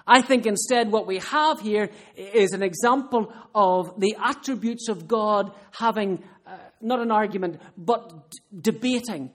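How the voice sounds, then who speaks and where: A man preaching a sermon in an earnest, emphatic way. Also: high-pitched. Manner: earnest, emphatic, with rhetorical questions.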